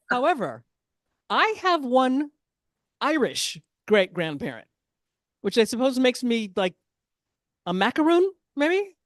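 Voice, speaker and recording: A woman's voice: on the high side, big pitch swings, slow pace, long pauses, dry recording, clean studio sound. A woman performing a stand-up comedy set, chatty and self-deprecating, with asides to the audience.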